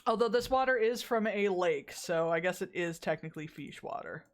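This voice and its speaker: A woman's voice: on the low side, animated, moderate pace. A woman streamer chatting casually while playing a game, often exasperated, rambling and swearing at it. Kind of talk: casual gameplay chat.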